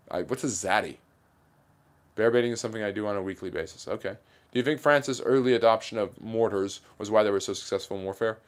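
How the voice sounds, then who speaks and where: Guy on a history livestream talking fast, lowish voice, blunt opinions. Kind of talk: livestream Q&A chat.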